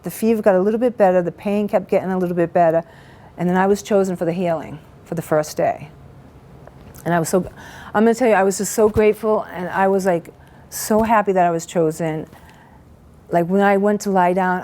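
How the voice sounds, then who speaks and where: A woman giving an emotional personal testimony about an event she attended. She talks in a halting, earnest way, full of restarts, and her voice is shaky with emotion. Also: mid-range voice, darkish tone.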